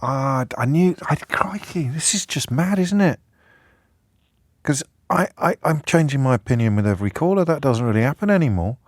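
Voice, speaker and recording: A man's voice: mid-range voice, lively intonation, normal speed, dry recording, studio quality. A man from England hosting a live radio phone-in, thinking aloud and correcting himself as he talks to callers. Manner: musing aloud, restarts and self-corrections. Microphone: studio microphone.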